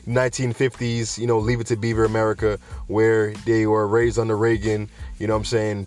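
A man hosting a news show, talking in an animated, slangy, digressive way and addressing viewers directly. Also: fairly low pitch, normal speed, soft background music. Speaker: host of a cannabis news show. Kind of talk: casual news commentary with rants.

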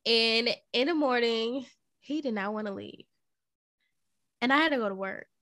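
A young woman co-hosting a podcast, telling a story in casual chat, animated and often laughing. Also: a little high, normal speed, dry recording, studio quality. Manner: animated, laughing, quotes people in put-on voices. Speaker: podcast co-host.

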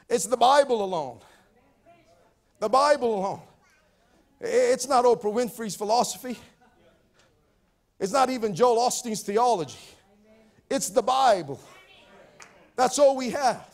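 High-voiced fervent preaching man. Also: measured pace, creaky, pauses often. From Pacific Islands. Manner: repetitive stammering restarts, rising to shouting fervor. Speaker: pastor. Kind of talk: sermon.

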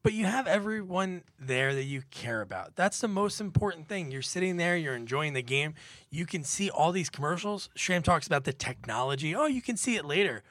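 A man's voice: fairly high pitch, expressive, normal speed, fairly bright tone, dry recording. A man arguing his side in a casual podcast debate, joking and building scenarios. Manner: jokey, builds scenarios to argue his case. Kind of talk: casual argumentative banter.

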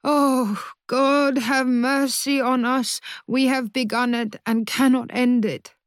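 Audiobook role: woman reading a sobbing older mother, thick low voice, slow and dragging. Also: darkish tone, breathy edge, no room sound, studio quality. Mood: wailing. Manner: sobbing, breaking off mid-sentence. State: crying. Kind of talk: audiobook character voice.

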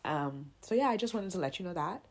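A woman hosting a faith podcast, talking straight to her listeners, earnest and emotional, close to tears, sometimes rising loud and sometimes dropping to a whisper. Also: fairly low pitch, lively intonation, brisk. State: tearful. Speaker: podcast host.

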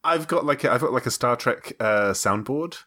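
A man's voice: mid-range voice, animated, normal speed, very noisy. A man co-hosting a podcast, joking and rambling in casual chat. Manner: jokey, rambling, interrupts often. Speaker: podcast co-host.

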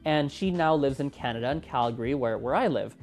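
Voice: mid-range voice, a little fast, soft background music. A podcast host in their twenties, talking casually and with animation on a solo episode. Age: 20s. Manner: chatty and animated, with a lively rising delivery.

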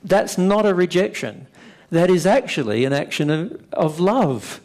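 A man explaining ideas in conversation, stressing key points and slowing down for emphasis. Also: sits high, lively intonation, darkish tone. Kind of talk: conversational teaching.

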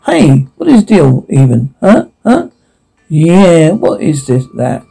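An actor playing a captive man in an audio drama, furious and panicked, swearing and shouting in alarm. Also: on the high side, sing-song, slow pace, gravelly, breathy edge, faint music behind, full character voice, poor audio.

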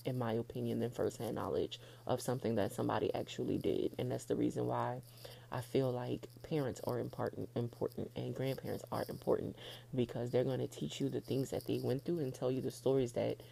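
A woman's voice: rumbling low, steady tone, brisk, gravelly, warm tone, husky. A woman hosting her own podcast in a casual, frank solo chat, laughing often and getting emotional. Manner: heartfelt, gets emotional. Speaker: podcast host.

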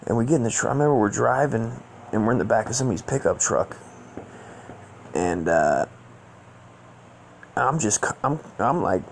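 Brief: young guy, gravelly, cussing storyteller, slangy and rambling, faint hiss behind. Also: medium pitch, animated, normal speed, pauses often. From Southern California. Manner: profane, rambling, slangy storytelling with many fillers. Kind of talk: casual storytelling.

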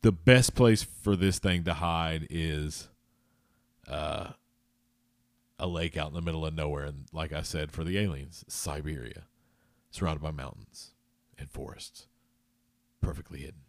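A man with a very low voice rambles through a casual podcast monologue, joking and stumbling over words. The sound is dry and close, with no room around it. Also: a little slow, pauses often, no echo. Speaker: podcast host.

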